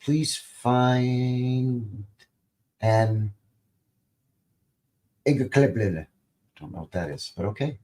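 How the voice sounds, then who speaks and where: A man's voice: mid-range voice, takes it slowly, long pauses, dark tone. A man hosting a live stream in a casual, rambling way, greeting viewers and reading their comments aloud with light jokes. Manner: jokey and informal, swears lightly. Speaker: livestream host.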